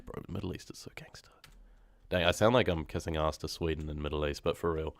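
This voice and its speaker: A young man with a New Zealand accent talks to his live chat in a very deep, low voice. He is casual, slangy and quick to laugh. The sound is close and dry, with keyboard clicks behind. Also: steady tone, no echo. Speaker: horror story narrator live-streaming.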